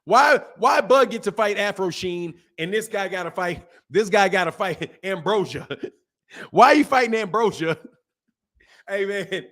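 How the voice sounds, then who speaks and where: A man's voice: high-pitched, expressive, a little slow, a bit bright. A man hosting a live boxing talk stream, talking casually and animatedly to his chat, repeating points and laughing. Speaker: boxing commentary host.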